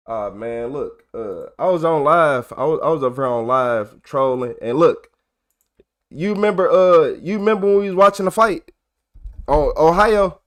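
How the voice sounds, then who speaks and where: A young man with a high-pitched voice talks straight to his livestream chat, swearing freely. He grows loud and animated as he recounts his grievances, then drops back into an easy, casual tone. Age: young adult. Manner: animated, profane, gets loud and worked up while retelling. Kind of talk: casual storytelling to a live chat.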